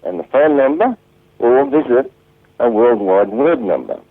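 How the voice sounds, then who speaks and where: A man co-hosting talk radio, agreeable and animated. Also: mid-range voice, measured pace, phone-quality sound. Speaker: radio co-host.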